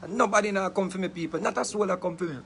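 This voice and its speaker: Jamaican man with a high voice, lively and dramatic casual storyteller in thick patois. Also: very fast, vocal fry, slight background noise. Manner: animated, laughing often, patois-heavy, dramatic retelling. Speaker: interviewee telling a story.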